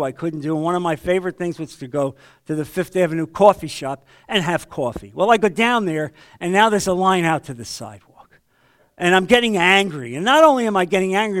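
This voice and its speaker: A fairly high-voiced man teaching a men's Bible study like a sermon. He tells stories with energy and drops from a raised voice to a near-murmur. His delivery stays conversational and direct. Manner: storytelling, acts out quoted voices, swings between loud and hushed.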